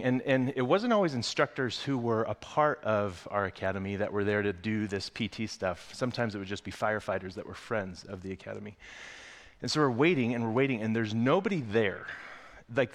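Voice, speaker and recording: A man preaching a sermon, telling a lively, self-mocking story with quick asides before turning to scripture. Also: medium pitch. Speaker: pastor.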